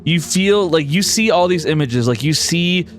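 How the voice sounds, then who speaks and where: A man's voice: fairly high pitch, expressive, normal speed. A man narrating a tabletop role-playing game as game master, loose and full of restarts.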